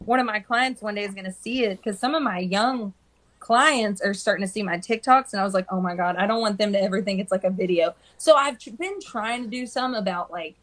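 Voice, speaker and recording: A woman who works as a hairstylist chats informally on a phone-recorded live stream, her voice mid-range. Her stories are animated, and she mimics the people she quotes.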